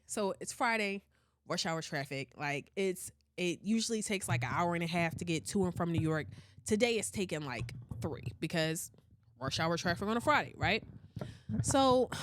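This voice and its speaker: A woman hosting a podcast, telling a story in casual chat, animated and often laughing and swearing. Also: mid-range voice, no echo. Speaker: podcast host.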